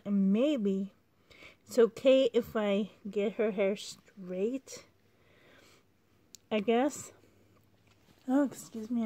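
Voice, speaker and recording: A woman vlogging casually about her doll collection, rambling, gushing and apologizing as she goes. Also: fairly high pitch. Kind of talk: casual show-and-tell vlog.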